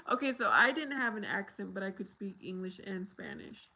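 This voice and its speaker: A woman's voice: mid-range voice, brisk, bright, forceful tone, breathy edge, poor audio. An American woman hosting a casual livestream, rambling and chatty as she talks with viewers and laughs often. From United States.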